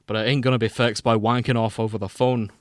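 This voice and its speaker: A man's voice: medium pitch, level tone, fast talker, dry recording, clean studio sound, natural voice. A man voicing a drunk, tearful Scottish demolitions man who talks in rambling, slurred bursts, in a put-on Scottish accent.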